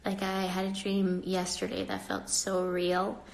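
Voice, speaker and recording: A woman's voice: mid-range voice, a little slow, echoey room. A young woman hosting a casual livestream, talking to viewers in a chatty, rambling way with frequent laughs and a slightly stuffy nose. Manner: chatty and rambling, laughs often, gets animated when annoyed. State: pregnant, a bit stuffy-nosed. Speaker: livestream host.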